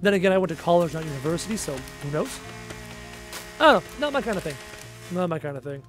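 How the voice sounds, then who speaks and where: A tired man hosting a gaming livestream, casually rambling and reading viewer comments aloud, his phrases often trailing off quietly. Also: sits high, lively intonation, fast, music in the background. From Canada. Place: home.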